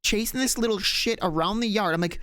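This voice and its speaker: A man's voice: high voice, fairly quick, sharp tone, a little hiss or hum. A man co-hosting a podcast, telling a long story in a casual, rambling way with lots of fillers, restarts and swearing. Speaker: podcast co-host.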